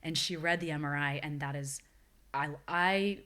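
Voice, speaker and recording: Earnest and reflective, a woman in her forties tells a personal story while being interviewed on a podcast. Her voice is low-pitched with a sharp tone, at normal speed.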